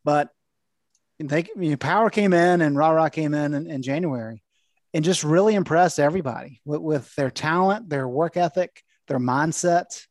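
Higher-voiced measured male reporter. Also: no echo. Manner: measured, thoughtful explainer. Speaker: veteran sports reporter. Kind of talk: casual sports analysis.

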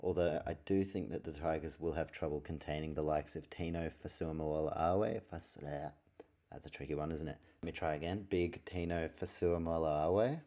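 In this clip, a man hosts a podcast from his room at night, chatting casually about sports on his own while swearing a lot and rambling off topic. His voice is extremely low and dark, with a steady tone and a slightly quick pace.

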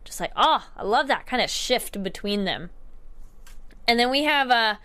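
A young woman recapping a TV episode in a chatty, animated way, tripping over words and correcting herself. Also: on the high side, moderate pace. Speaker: TV show reviewer. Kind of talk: casual recap vlog.

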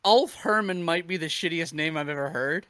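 A man's voice: fairly high pitch, moderate pace, bright, forceful tone, no echo. A man co-hosting a podcast, recapping wrestling matches in casual, profane chat and laughing often. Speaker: podcast co-host.

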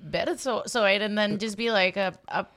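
Casual woman co-host, talkative, swears freely, mid-pitch voice. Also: normal speed. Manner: chatty, swears casually, animated asides. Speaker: podcast co-host. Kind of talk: casual chat.

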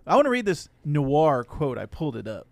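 A man co-hosting a casual podcast, talking through a movie and acting out characters' lines in quick asides. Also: a little high, sing-song, creaky, dry recording. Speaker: podcast co-host. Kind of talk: casual movie review chat.

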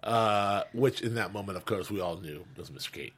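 A man's voice: on the low side, normal speed, a bit bright, breathy edge. A man co-hosting a fan after-show, chatting casually and animatedly, joking and laughing often, with many restarts. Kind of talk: casual chat.

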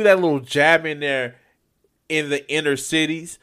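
A man's voice: fairly high pitch, fairly even intonation, normal speed, fairly bright tone. A man streaming live, reacting to a clip with incredulous commentary, stammering, swearing and restarting his sentences.

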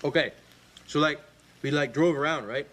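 A man's voice: fairly high pitch, normal speed, a bit bright, close to an everyday voice. An actor playing a dim-witted young Canadian man who hosts a cheap show with his brother, rambling with "like" and "right?", with a Canadian accent. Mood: rambling chat. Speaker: comedy sketch character.

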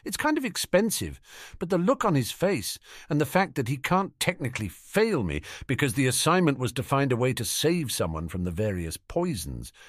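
A man's voice: medium pitch, wildly swooping pitch, moderate pace, no room sound, pitched above the performer's own voice. A man voicing a dry, cheeky teenage boy wizard in an audiobook reading, his voice raised somewhat above his own. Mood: wry. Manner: sardonic, breezy.

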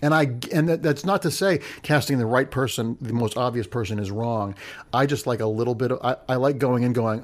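Animated opinionated man. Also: mid-range voice, a little fast. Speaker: film discussion panelist. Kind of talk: casual opinionated chat.

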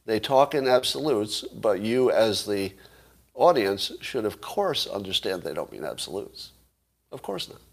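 Guy on a livestream, kinda low voice, arguing w/ viewers, lots of rhetorical qs and little chuckles. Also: big pitch swings, unhurried, creaky, husky. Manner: argumentative, poses rhetorical questions to viewers. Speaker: livestream host. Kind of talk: casual livestream monologue.

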